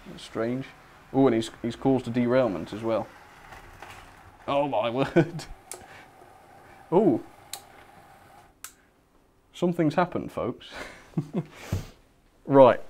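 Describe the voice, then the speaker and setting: Young guy rambling on a livestream, giggly, chatty, mid-pitched voice. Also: darkish tone. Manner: chatty, giggly, self-mocking, reads chat aloud. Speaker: host of a model railway livestream. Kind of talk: casual livestream chat.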